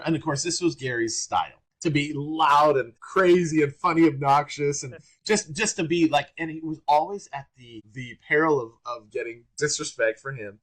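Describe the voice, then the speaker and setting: A man guesting on an interview podcast, telling lively anecdotes in a casual, excitable way. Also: fairly high pitch, normal speed, few pauses. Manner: animated, excitable anecdotes with bursts of energy. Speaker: guest trumpeter. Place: works around Orange County, California.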